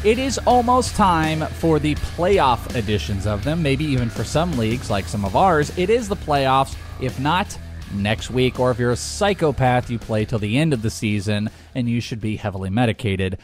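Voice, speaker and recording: A man's voice: mid-range voice, expressive, normal speed, soft background music. A man co-hosting a podcast in casual, joking chat, rambling and laughing. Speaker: podcast co-host.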